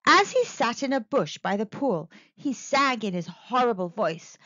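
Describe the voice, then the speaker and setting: A woman reads a children's picture book aloud as a storyteller, slowly and with big, animated swings in her voice. Her voice sits a little high. The recording is dry and slightly dull, like a lo-fi home mic. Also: no echo. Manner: slow, expressive, very animated reading.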